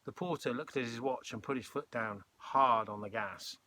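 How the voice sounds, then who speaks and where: A man reading a children's novel aloud, relaxed, with chatty asides between passages. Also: medium pitch, normal speed. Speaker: storybook reader.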